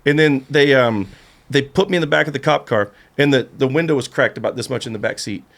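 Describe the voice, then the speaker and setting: A man's voice: mid-range voice, fast talker, vocal fry. A man telling a story on a podcast, acting out the voices and laughing as he goes. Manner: animated storyteller, acts out voices, laughs through. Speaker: podcast guest, skateboarder. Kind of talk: casual storytelling chat.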